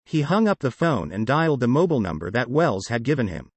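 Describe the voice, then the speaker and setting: A man reading an audiobook in a steady, measured way. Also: medium pitch, husky, no room sound. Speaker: audiobook narrator. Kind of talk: audiobook narration.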